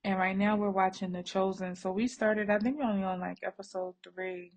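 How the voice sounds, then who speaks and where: A woman with a steady, mid-range voice talks fairly quickly as she vlogs from home. Braiding her daughter's hair on a bed, she rambles in a relaxed way to viewers, calling them y'all.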